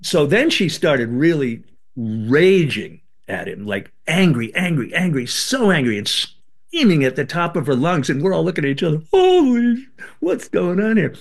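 An older man, a guest on an interview show, telling a personal story in a lively way and acting out the voices he quotes. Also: a little high, normal speed. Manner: animated, acts out quoted voices. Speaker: guest, former band member and author.

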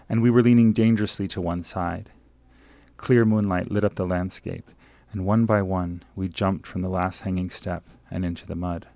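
A man, a guest author, reading aloud from his own travel memoir in an earnest, measured way and then chatting about it. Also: deep voice, a little mellow, no room sound.

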